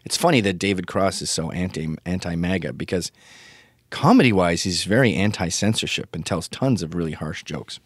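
A man's voice: low voice, animated, normal speed, dry recording, clean studio sound. A man in his fifties ranting in a casual comedy monologue, profane and opinionated. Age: 50s.

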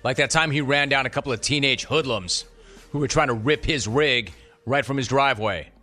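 A man hosting sports talk radio, taking calls with a sarcastic, rapid-fire manner. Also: mid-range voice, sharp tone, faint music behind. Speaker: radio show host.

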